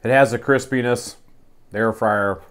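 A man's voice: mid-range voice, normal speed, smooth. A man co-hosting as a butcher, chatting casually and teasing his partner while they taste the food. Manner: teasing, relaxed. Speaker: butcher and co-host. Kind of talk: casual tasting chat.

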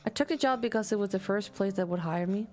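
A woman's voice: medium pitch, fast talker, darkish tone, faint music behind, close to an everyday voice. A woman reading aloud a guilt-ridden adult son in a game, in a hesitant, apologetic way. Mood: remorseful.

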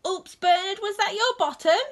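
A woman voicing a friendly, sheepish bear in a gentle storybook tone. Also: extremely high pitch, moderate pace, pitched above the performer's own voice.

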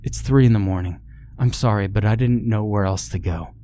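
A man's voice: on the low side, a little fast, warm tone, a little hiss or hum, close to an everyday voice. A man reading the part of a frightened, tearful young woman who fled her home at night. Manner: pleading, tearful. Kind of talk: scripted horror story reading.

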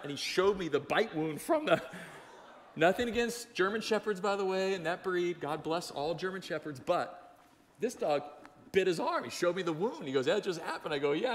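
Animated pastor preaching in a reverberant church. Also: male voice, on the high side, a little fast, a little hiss or hum. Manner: conversational, animated storytelling with audience questions. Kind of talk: sermon. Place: church sanctuary. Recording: long church hall reverb.

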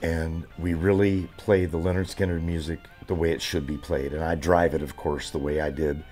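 A man in his seventies with a very low, deep voice, telling stories in an interview. He rambles, with plenty of fillers and restarts, and sounds enthusiastic. Faint music plays behind him. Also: little pitch movement, normal speed, darkish tone. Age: 70s. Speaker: drummer.

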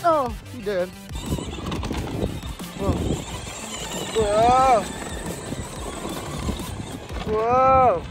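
A woman's voice: on the high side, lively intonation, slow pace, long pauses. A woman playing with a toy monster truck for her child's video, sing-song and full of exaggerated exclamations. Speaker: parent filming a toy video. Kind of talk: playful toy play with a child. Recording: loud background music.

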